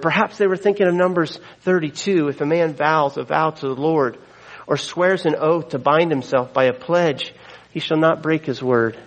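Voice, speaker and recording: A man's voice: fairly high pitch, moderate pace, low-quality recording. A middle-aged man preaching a sermon, earnest, weaving in scripture quotes and asides. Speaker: pastor.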